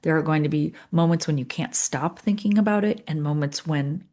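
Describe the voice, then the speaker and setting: A middle-aged woman coach speaking gently and with empathy in a podcast monologue, often repeating and listing phrases. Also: deep voice, fairly quick. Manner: gentle, empathetic, with repetition and lists. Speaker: leadership coach.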